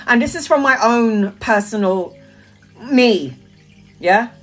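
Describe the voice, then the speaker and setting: A woman talking casually to her followers about spirituality, animated, laughing and swearing freely. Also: a little high, normal speed, rough recording. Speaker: spiritual content creator. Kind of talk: casual monologue to camera.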